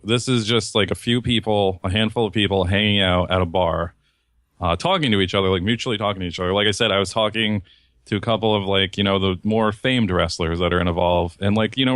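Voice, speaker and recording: A man's voice: lowish voice, fairly bright tone, no echo, studio quality. A young man co-hosting a podcast, telling a story in a heated, profane way and mocking other people's voices. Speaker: podcast co-host. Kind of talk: casual ranting chat.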